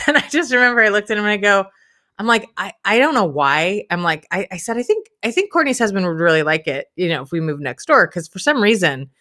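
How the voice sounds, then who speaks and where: A woman co-hosting a podcast, her bright, forceful voice swinging widely in pitch. She chats casually and teases her friends with dry humor. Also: brisk. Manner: expressive, dry teasing humor. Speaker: podcast co-host. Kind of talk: casual chat.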